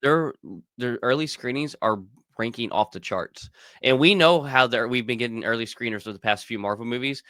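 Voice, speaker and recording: A man co-hosting a casual fan podcast, excitedly rambling and repeating himself as he talks. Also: medium pitch, brisk, no room sound, clean studio sound. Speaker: podcast co-host.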